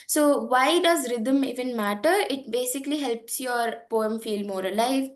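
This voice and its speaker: A young woman teaching an online poetry lesson from slides, explaining patiently with frequent fillers and check-ins. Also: fairly high pitch. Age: young adult.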